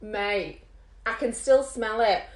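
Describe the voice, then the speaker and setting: A woman vlogging and telling a rambling story in an animated way, full of fillers. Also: mid-range voice, measured pace. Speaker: makeup vlogger. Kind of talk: chatty storytelling. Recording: roomy echo.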